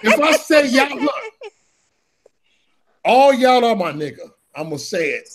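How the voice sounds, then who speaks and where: A man's voice: very high-pitched, big pitch swings, measured pace, crowd noise. A man from Chicago hosting a casual political chat, talking emphatically and repeating himself for stress. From USA, Chicago. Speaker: host.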